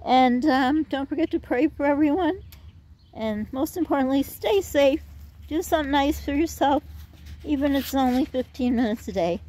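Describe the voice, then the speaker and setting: A woman's voice: high-pitched, moderate pace, warm tone. A middle-aged woman chatting in a rambling way while gardening outdoors for her vlog, out of breath. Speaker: vlogger.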